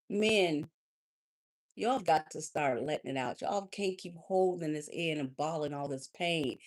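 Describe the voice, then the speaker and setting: A woman life coach hosting a live talk, preacherly and warm, calling listeners honey and baby, swinging between loud and soft. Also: fairly low pitch.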